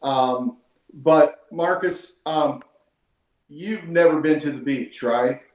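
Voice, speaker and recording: A man's voice: fairly high pitch, slow, darkish tone. Earnest man in an echoey room. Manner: emotional, earnest, praising. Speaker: team leader hosting a call. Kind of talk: heartfelt conversational interview. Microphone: call audio.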